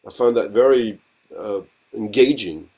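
A man's voice: fairly low pitch, measured pace, warm tone, slightly rough. A man leading a group discussion, reflective and questioning. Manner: thoughtful, questioning. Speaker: group facilitator.

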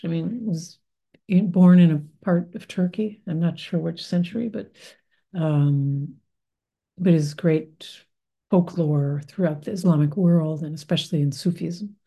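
A woman's voice: on the low side, creaky, mellow, husky. An American woman, middle-aged, giving a reflective spiritual talk in a thoughtful, meandering way with many fillers and restarts. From United States.

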